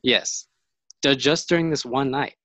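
A man's voice: mid-range voice, a little slow, pushed and bright, dry recording, rough recording. A man casually retelling a camping story, rambling with many fillers and restarts.

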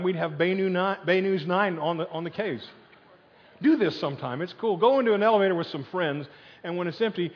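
A man preaching a sermon as pastor, telling the story in a lively, conversational way and leading the crowd in chants. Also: sits high. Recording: dull sound in a long-echo hall.

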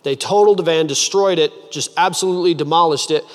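A man gives a sermon as a pastor, in a voice a little higher than most men's. He tells his stories with energy and acts out the other people's lines. His voice rings out with a long reverb, as in a big church hall. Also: quick pace. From United States. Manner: animated storytelling, acts out voices.

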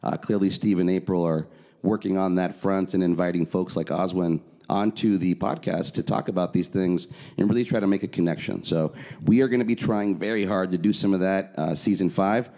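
Brisk and warm, a low-pitched male co-host keeps a steady tone on a casual podcast. He talks in a relaxed, conversational way with plenty of fillers and easy laughs.

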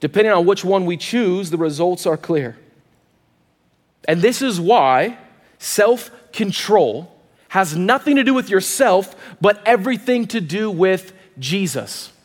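A high-voiced man in his thirties preaching to his congregation, moving through an animated personal story with quick asides. His voice rings out with a long reverberant tail, as from a big church hall. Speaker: pastor.

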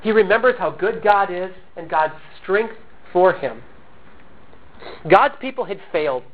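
A man's voice: sits high, expressive, a little slow. Man, pastor, sermon, earnest, emphatic, recovering from a cough, tinny phone-like sound. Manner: earnest, emphatic, with self-deprecating asides.

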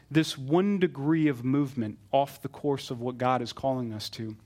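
A middle-aged pastor preaching a sermon in an earnest manner that builds to fervent emphasis. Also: male voice, mid-range voice.

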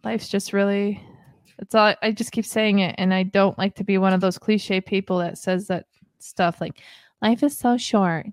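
A woman in her thirties co-hosts a casual podcast chat, earnest and rambling, quick to laugh. Her voice sits at an everyday middle pitch. The sound is close and dry, with no room around it. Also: level tone, clean tone, no echo. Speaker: podcast co-host.

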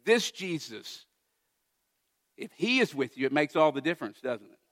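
A man preaching a sermon as pastor of a church, earnest, rising to emphatic peaks and falling to soft, quiet moments. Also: a little high, very animated, quick pace.

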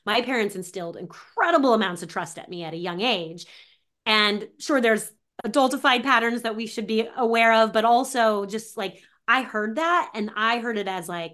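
A woman guest on a podcast speaks at a middle pitch, chatty and animated. She jumps into quoted voices and keeps a loose, conversational flow full of fillers. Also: moderate pace. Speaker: author and mentor of teen girls, guest.

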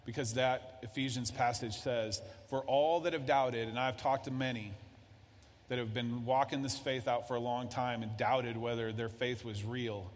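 A man's voice: mid-range voice, fairly even intonation, normal speed. Man preaching in a reverberant hall. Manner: conversational preaching, acting out dialogue. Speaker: pastor. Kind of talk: sermon.

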